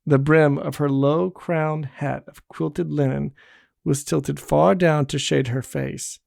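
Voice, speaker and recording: A man narrating a short story aloud in a measured, expressive way. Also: on the high side, creaky, no echo, studio quality. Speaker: reader. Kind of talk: audiobook narration.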